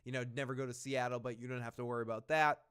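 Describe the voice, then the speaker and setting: A man's voice: medium pitch, steady tone, rapid-fire, fairly bright tone, clean tone. A man hosting a casual show recap, rambling and swearing as he retells scenes. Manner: rambling, profane, retells scenes with quoted lines. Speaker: podcast host.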